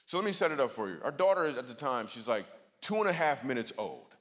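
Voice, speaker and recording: A man with a bright, forceful voice delivers a sermon full of jokes and stories. He talks to the crowd in quick, playful asides. His voice carries a long reverb from a church hall. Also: medium pitch, sing-song. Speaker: guest speaker. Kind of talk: comedic sermon. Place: church auditorium.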